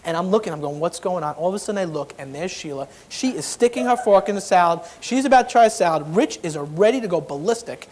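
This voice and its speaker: A man's voice: high voice, animated, fast talker, hardly any pauses, a little mellow, slight background noise. A man giving a humorous keynote talk as a motivational speaker, acting out the people in his story.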